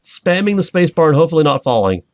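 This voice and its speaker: A man hosting a let's play, giving rambling, excitable gameplay commentary. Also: a little high, quick pace, no room sound. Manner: rambling, excitable, self-interrupting.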